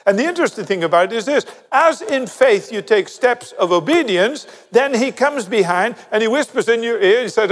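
An older man delivers a sermon in a lively storytelling way, acting out little dialogues. His voice sits a bit high. A long reverb from a big hall trails each phrase. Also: moderate pace, few pauses. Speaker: preacher.

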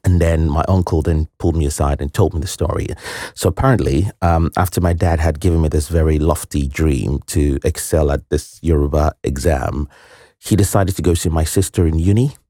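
A man with a very low, dark, mellow voice recounts a personal story as an interview guest. He speaks earnestly and reflectively, often restarting his phrases. The recording is close and dry. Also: fairly quick, no echo. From Nigeria.

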